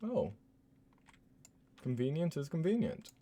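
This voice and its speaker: A man's voice: on the high side, huge pitch swings, slow pace, warm tone. A man playing a horror game live, joking and laughing as he reads notes aloud in a put-on voice. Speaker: streamer.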